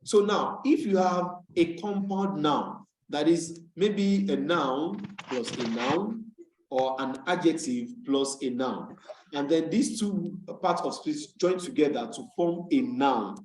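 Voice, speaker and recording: A man from Nigeria teaches an online tutorial, his voice sitting a little high. He explains rules patiently and repeats key words slowly for students to copy. The call audio carries a noticeable room echo. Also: a little mellow, slight background noise. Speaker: English tutor. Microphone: video call. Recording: echoey room on a video call.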